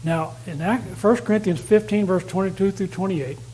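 High-voiced man preaching emphatically. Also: normal speed, slight background noise, rough recording. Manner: emphatic, repeats key phrases for stress; reads verses aloud louder and more declaiming. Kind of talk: sermon with scripture reading.

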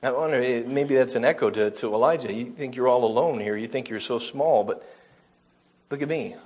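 A man's voice: medium pitch, brisk, a little mellow, slightly rough. A man preaching a sermon, reading scripture aloud and explaining it, correcting himself now and then.

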